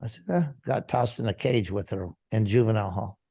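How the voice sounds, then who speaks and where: A man's voice: on the low side, a little fast, creaky, warm tone, slightly rough. A man, a pastor, telling a personal story in an interview and acting out the dialogue vividly.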